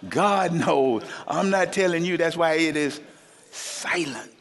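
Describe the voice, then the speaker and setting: A man preaching a sermon, animated and joking with the congregation, often jumping into high voices to act out quoted people. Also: measured pace. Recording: long hall reverb.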